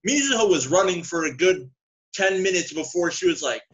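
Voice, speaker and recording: A man's voice: high voice, expressive, a little fast, fairly bright tone. Wry male podcast guest, dull lo-fi sound. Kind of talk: casual chat.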